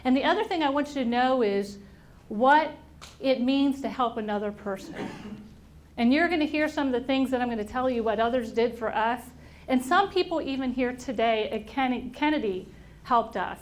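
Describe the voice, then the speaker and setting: High-pitched woman telling a personal story. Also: moderate pace. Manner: animated storyteller acting out quoted voices. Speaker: invited speaker. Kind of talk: personal story told to an audience. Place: auditorium at a workplace event.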